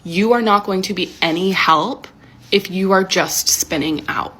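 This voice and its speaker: A woman's voice: mid-range voice, measured pace, a bit bright. A woman giving firm, instructive advice in a casual video.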